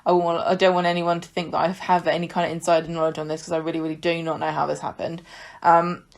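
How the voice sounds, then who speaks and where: A woman's voice: on the low side, level tone, fast. A woman co-hosting a podcast, chatty and hesitant, with frequent laughs. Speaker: podcast co-host. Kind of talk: casual chat.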